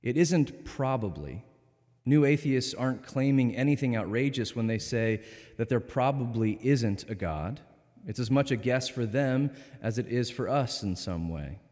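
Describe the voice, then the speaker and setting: A man preaching a sermon in a church, speaking in a measured, earnest and gentle way. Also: medium pitch, expressive. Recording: long reverb of a church.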